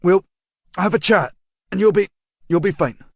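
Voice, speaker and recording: A man voicing a battered male detective who speaks breathless and strained while trying to calm an attacker. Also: high voice, moderate pace, dry recording, studio quality, voice pushed up. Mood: pleading, strained. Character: winded, battered male detective pleading calmly.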